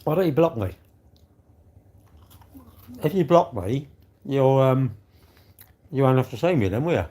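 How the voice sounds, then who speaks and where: A man's voice: mid-range voice, lively intonation, measured pace, pauses often, mellow. A man, chatting casually on a live stream and bantering with his viewers' comments. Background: faint music.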